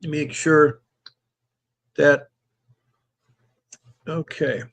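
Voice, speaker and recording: A man's voice: on the high side, flat delivery, extremely slow, a bit bright. A man hosting a live call-in stream, reading out viewer comments and greeting them by name, chatty and given to repeating himself. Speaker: host of a call-in livestream.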